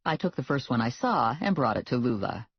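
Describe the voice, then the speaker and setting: Wry, husky audiobook narrator. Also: medium pitch, brisk, dry recording. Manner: wry, deadpan storytelling. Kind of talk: first-person novel reading. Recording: dull lo-fi, dry.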